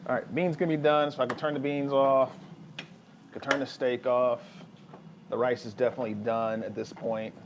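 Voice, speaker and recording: Chatty dad cooking at home. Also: male voice, medium pitch, normal speed, background noise. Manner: relaxed, chatty, talks to viewers while cooking. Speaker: family vlogger cooking. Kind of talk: casual cooking vlog chat. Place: home kitchen.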